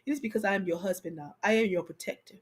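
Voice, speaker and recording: A woman voicing her husband as a calm, authoritative man who speaks slowly and firmly. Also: medium pitch, husky, pitched below the performer's own voice, natural voice. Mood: firm, solemn.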